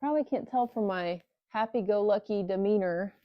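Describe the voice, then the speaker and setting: A woman's voice: mid-range voice, moderate pace, no echo, dull audio. A woman talking to the camera while she works on a motorcycle in a cold garage. Her hands are cold, and she mutters, curses and jokes sarcastically to herself. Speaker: motorcycle vlogger. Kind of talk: casual talk-to-camera while working.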